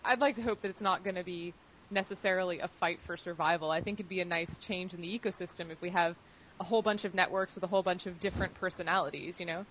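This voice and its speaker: A woman's voice: fairly low pitch, steady tone, quick pace, a bit bright. A woman chatting casually on a podcast panel, upbeat and hedging as she talks. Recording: dull lo-fi sound with faint hiss.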